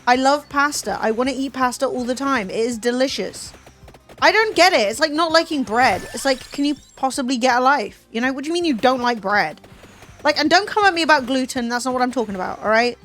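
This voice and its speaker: A young woman chatting casually with her livestream viewers, animated and swearing freely. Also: high-pitched, a little fast, soft background music. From Southern Italian family. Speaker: streamer.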